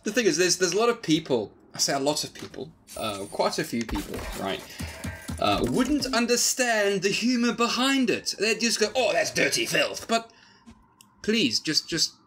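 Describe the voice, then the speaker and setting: A man co-hosting a podcast, chatting casually and excitedly, laughing often. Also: sits high, normal speed, faint music behind. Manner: excitable, laughs a lot, animated. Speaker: podcast co-host. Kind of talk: casual chat.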